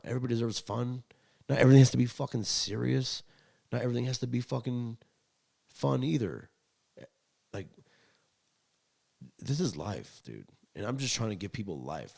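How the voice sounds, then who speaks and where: Gravelly, blunt, profane young man. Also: lowish voice. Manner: blunt, profane, rambling and swings loud to quiet. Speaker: podcast co-host. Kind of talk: casual podcast chat.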